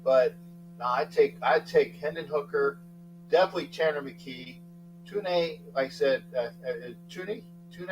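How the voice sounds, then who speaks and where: Rambling sports-talk host, man, higher voice. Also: moderate pace, dull audio, a little hiss or hum. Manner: rambling, thanks chatters by name, sudden loud outbursts. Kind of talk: casual live chat with viewers.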